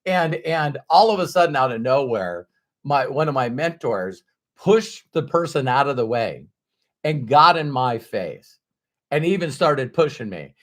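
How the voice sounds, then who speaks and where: A man's voice: mid-range voice, unhurried. Candid middle-aged man telling a personal story. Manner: candid, animated, with sudden loud bursts. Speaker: motivational speaker.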